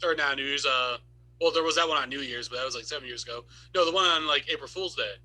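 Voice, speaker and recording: Bright-voiced rambling man chatting. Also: mid-range voice, fast talker. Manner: chatty, rambling, stops to correct himself. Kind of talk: casual chat.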